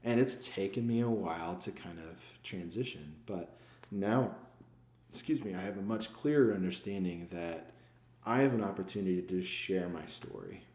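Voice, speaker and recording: A man's voice: deep voice, moderate pace, a little mellow. A man, a sales manager and former pastor, talking reflectively in a casual interview, asking himself rhetorical questions and answering them. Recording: echoey room.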